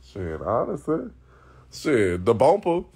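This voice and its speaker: A man's voice: medium pitch, huge pitch swings, slow pace, darkish tone, husky. A man hosting a live stream, talking casually to his viewers in a blunt, profane and rambling way.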